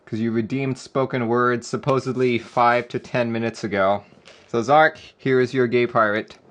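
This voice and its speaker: A man's voice: mid-range voice, fairly even intonation, moderate pace, a bit bright. A man live-streaming a keyboard build, chatting casually and joking with viewers. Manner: laid-back, joking with chat, often laughing.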